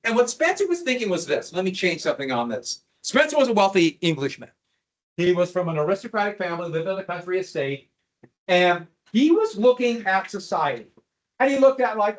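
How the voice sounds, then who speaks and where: A man's voice: high-pitched, very animated, a little fast, poor audio. A male history teacher giving a classroom lecture, joking with his students and teasing them with questions.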